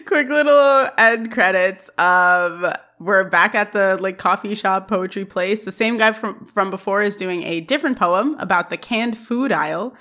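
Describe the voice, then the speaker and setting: A woman's voice: medium pitch, sharp tone. A woman co-hosting a podcast, chatty and giggly as she recaps scenes. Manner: chatty and giggly, quick to laugh. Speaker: podcast co-host.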